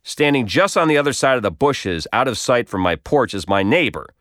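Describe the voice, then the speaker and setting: A man's voice: medium pitch, big pitch swings, a little fast, fairly bright tone, no echo. A man reading his own comic story aloud with wry, dry humor. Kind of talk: scripted narration.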